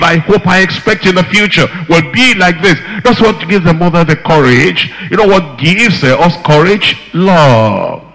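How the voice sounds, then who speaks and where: A man's voice: a little high, pushed and bright. A man preaching a sermon, quoting scripture and repeating his key phrases for emphasis. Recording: long hall reverb.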